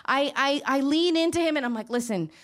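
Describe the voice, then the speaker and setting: A middle-aged woman with a Queens New York accent, telling a true story to an audience. She is frank and profane, stumbling over restarts as she gets animated. Her voice sits high. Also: brisk. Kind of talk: live storytelling monologue.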